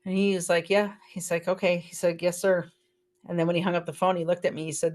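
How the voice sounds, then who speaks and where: A woman's voice: fairly low pitch, level tone, fast talker, a little mellow. A middle-aged woman, a podcast guest, earnestly retelling a personal story and quoting the people in it. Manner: emotional, earnest retelling with quoted dialogue.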